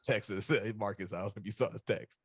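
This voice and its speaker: A man co-hosting a podcast, telling a long personal story in a relaxed, rambling way, full of fillers and acted-out dialogue. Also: fairly low pitch, a little fast, breathy edge, no room sound, clean studio sound. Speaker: podcast co-host. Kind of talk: casual storytelling chat.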